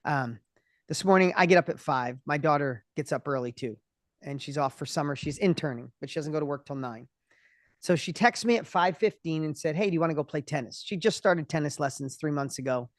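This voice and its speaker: A man in his fifties, a guest entrepreneur in an interview, talking with passion and often restarting his words when excited. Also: fairly high pitch, no echo, clean studio sound. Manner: passionate, acts out other people's voices in quick bursts. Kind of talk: energetic interview conversation.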